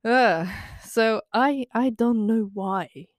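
A woman's voice: medium pitch, normal speed, smooth, no room sound, clean studio sound. A young woman from the Baltics, talking in a casual, blunt monologue full of swearing, sarcasm and laughter. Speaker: podcast host.

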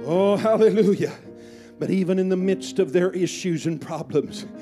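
A male pastor preaching a sermon at a church service, out of breath, shouting at the peaks and dropping to whispers. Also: sits high, moderate pace, music in the background.

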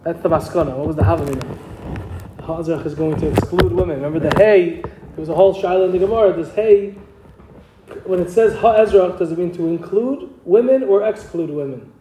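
A man's voice: high voice, brisk. A man teaching a Talmud class, explaining step by step and asking his students questions. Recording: echoey room with noise.

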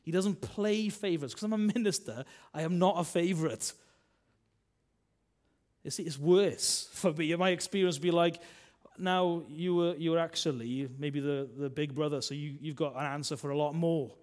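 Brief: male minister, sermon delivery, slightly high voice, conversational, leans on tag questions, swings loud to soft. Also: normal speed.

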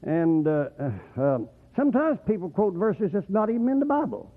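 A man preaching a folksy, rambling sermon as the pastor, getting excited and whooping at times. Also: high voice, normal speed. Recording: tinny phone-like radio broadcast.

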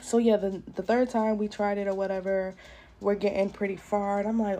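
A woman's voice: mid-range voice, little pitch movement, brisk, dark tone, slight background noise. A young woman hosting a casual storytime vlog, talking bluntly and profanely straight to her viewers. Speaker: podcast host. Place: at home doing makeup.

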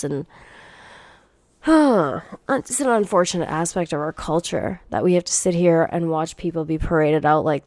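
A woman's voice: on the low side, darkish tone, no echo. Blunt, profane woman venting while sick. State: coming down with a cold. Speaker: podcast host. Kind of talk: solo podcast rant.

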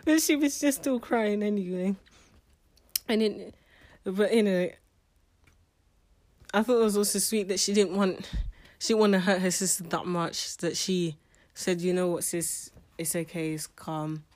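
A woman's voice: medium pitch, measured pace, darkish tone. A woman giving a casual spoken book review, chatty and emotional, often restarting her sentences.

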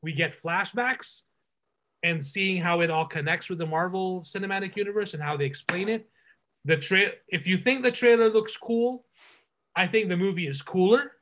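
An enthusiastic man hosting a casual podcast. His voice sits high and sounds bright and forward. He rambles through his points with many fillers and restarts. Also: normal speed. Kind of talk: casual movie review chat.

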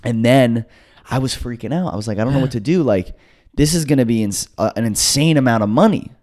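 A young man in his twenties, a podcast co-host, telling a story casually, swearing and acting out quotes. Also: a little fast. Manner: animated, swearing, acts out quotes with jumps in pitch.

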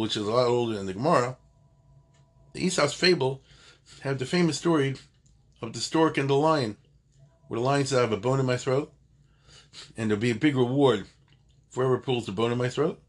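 An older man teaching a loose, chatty Talmud class. His voice is husky and sits at an ordinary pitch. He wanders off on asides and corrects himself mid-sentence. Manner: digressive, conversational, self-correcting. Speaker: Torah teacher.

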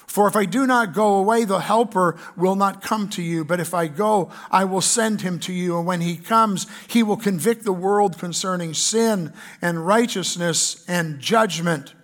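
A pastor with a Canadian accent preaching a sermon in an earnest way, reading scripture aloud with fillers. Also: male voice, sits high, measured pace, few pauses.

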